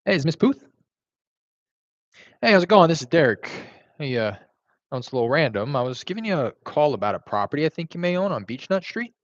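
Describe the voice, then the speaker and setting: With a slightly high, sing-song voice, a man talks fairly quickly but leaves long pauses. He's cold-calling real estate leads from home as he makes lunch, staying relaxed and conversational with lots of fillers, on a livestream and over the phone. The recording is dry, echo-free, and slightly dull.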